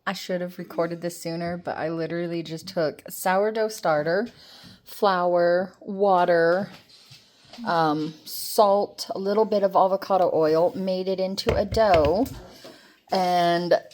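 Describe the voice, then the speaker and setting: A woman's voice: lowish voice, fairly even intonation, takes it slowly, darkish tone, slight background noise. Chatty rambling woman vlogger. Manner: chatty, rambling, emotional and upbeat. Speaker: vlogger and rideshare driver. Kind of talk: casual vlog chat.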